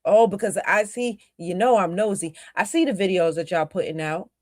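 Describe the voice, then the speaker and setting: A woman's voice: fairly low pitch, normal speed, dry recording, clean studio sound. A woman co-hosting a podcast, giving emphatic, scolding commentary aimed straight at her critics. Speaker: podcast co-host. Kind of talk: casual commentary.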